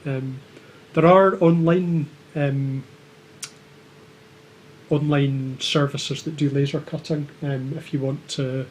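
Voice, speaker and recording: A man's voice: a little high, steady tone, slow pace, slight background noise. Hesitant man in a casual livestream chat. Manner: hesitant, with many filler ums. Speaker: co-host of a maker livestream.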